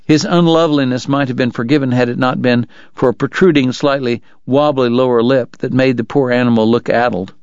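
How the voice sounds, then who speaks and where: A man's voice: medium pitch, steady tone, a little mellow, clean tone, no echo, highs cut off. Man narrating a story, dry sound. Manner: measured storytelling. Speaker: audiobook narrator. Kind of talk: scripted narration.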